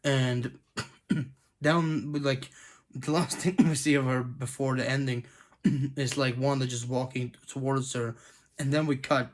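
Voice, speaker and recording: Tired man rambling through a review. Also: mid-range voice. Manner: halting, many fillers and restarts, clears throat often. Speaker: TV episode reviewer. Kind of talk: casual spoken review.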